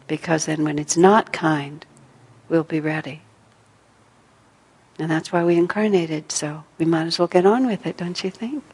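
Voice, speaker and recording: A middle-aged woman giving a gentle, reflective spiritual talk, acting out her own inner dialogue. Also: on the low side, unhurried, breathy edge, long reverb tail. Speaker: spiritual teacher.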